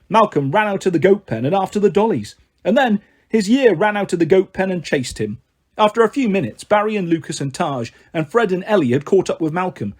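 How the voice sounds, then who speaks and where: A man reading a children's novel aloud, lively and acting out the characters. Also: high-pitched. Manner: lively, acts out every character with shifting voices. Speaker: storyteller.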